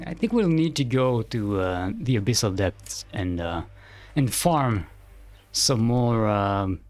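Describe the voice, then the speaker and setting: A man streaming a video game, thinking aloud in a hesitant, rambling way. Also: medium pitch. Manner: rambling, hesitant, self-correcting. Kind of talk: thinking aloud while playing.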